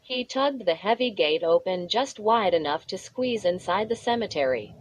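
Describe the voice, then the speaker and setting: A woman narrating a spooky children's story in a measured, steady reading voice. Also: mid-range voice, slight background noise, poor audio. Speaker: audiobook narrator.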